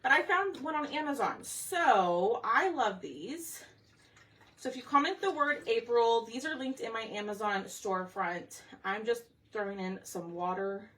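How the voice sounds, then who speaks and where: A woman's voice: a little high, unhurried, a bit bright, far from the mic. A woman hosting a craft livestream, chatty and a bit scattered, out of breath as she talks to viewers. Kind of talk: casual livestream chat. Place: home craft room.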